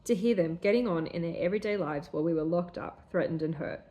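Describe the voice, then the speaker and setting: A woman's voice: lowish voice, quick pace, dark tone. A woman co-hosting a podcast, reading her old story aloud and stopping to make fun of its sentences. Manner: reads her own prose aloud, breaking off to mock it. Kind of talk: reading aloud with casual commentary.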